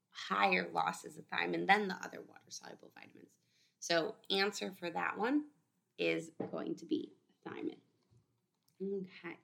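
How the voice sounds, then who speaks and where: A woman tutors through practice exam questions in a relaxed, chatty way. Her voice carries a strong, steady gravelly fry at a middling pitch. She often acts out what her students or patients might say. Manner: conversational, quotes students and patients in little voices.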